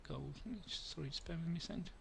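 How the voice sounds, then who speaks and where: A man's voice: fairly high pitch, very fast, creaky, a little hiss or hum. A middle-aged man hosting a live trading webinar, walking through charts, answering viewer questions and often correcting himself mid-sentence.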